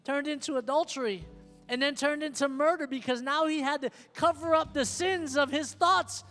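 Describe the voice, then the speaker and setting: A man's voice: very high voice, normal speed. A man preaching a sermon as pastor, emphatic and often asking the congregation if they hear him. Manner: emphatic, repeats questions to the congregation. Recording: long hall reverb with soft guitar behind.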